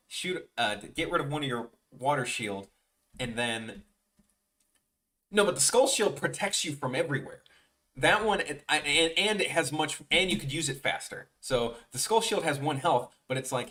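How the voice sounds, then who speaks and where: A man's voice: mid-range voice, lively intonation, normal speed, sharp tone. A young man with a Chicago accent chatting casually with viewers on a drawing livestream, rambling with lots of restarts. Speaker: art streamer.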